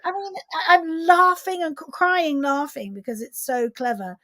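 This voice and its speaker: A middle-aged woman, a film director, chatting as a guest on a video call interview in an animated, expressive way, often restarting her sentences. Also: high voice, moderate pace, dry recording, clean studio sound. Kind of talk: casual interview chat.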